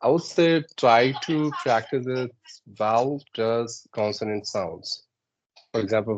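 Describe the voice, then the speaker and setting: A man's voice: medium pitch, unhurried, highs cut off. A man, a podcast guest explaining pronunciation tips step by step, with frequent "uh"s and "right?" checks. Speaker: guest giving English tips. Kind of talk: instructive podcast chat.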